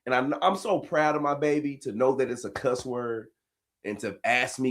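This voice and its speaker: A man telling a funny family story as host, dropping to low asides and bursting into high laughing shouts. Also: animated, normal speed. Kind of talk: storytelling comedy reaction.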